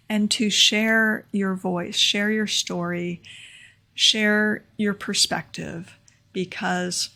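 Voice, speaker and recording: Earnest woman with a gravelly edge. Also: medium pitch, a bit bright. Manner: earnest, repeats key points for emphasis. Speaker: vlogger sharing talk takeaways. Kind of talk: casual explainer monologue. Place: home room near a window.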